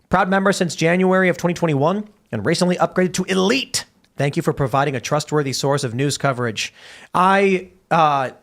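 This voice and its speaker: A man with a somewhat high voice hosts a talk show. He reads viewer messages aloud and wanders off into long, rambling stories. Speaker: podcast host. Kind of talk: casual talk-show banter.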